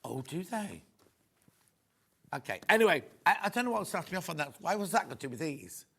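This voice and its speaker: A man's voice: fairly high pitch, very animated, brisk, gravelly, fairly bright tone, breathy edge. A man presenting live on a shopping channel from a TV studio, chatting in a rambling, gushing way with plenty of asides. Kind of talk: live sales demo chat.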